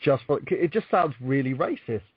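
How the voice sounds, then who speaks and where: A man's voice: medium pitch, animated, moderate pace, breathy edge, dry recording. A man, co-hosting a podcast, joking and swearing freely. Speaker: co-host. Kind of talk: casual podcast chat. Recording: muffled lo-fi audio.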